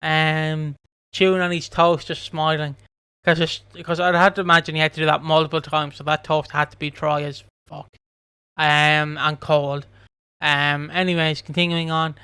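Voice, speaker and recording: Male podcast co-host, casual and sweary, acts out the characters' lines. Smooth, slightly high voice, dry close mic. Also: little pitch movement, moderate pace, sharp tone, dry recording. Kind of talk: casual chat recapping a soap episode.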